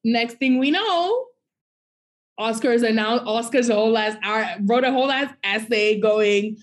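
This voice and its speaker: A woman co-hosting a podcast in casual chat, animated, breaking into sung bits and mock quotes. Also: a little high, unhurried, a little hiss or hum. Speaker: podcast co-host.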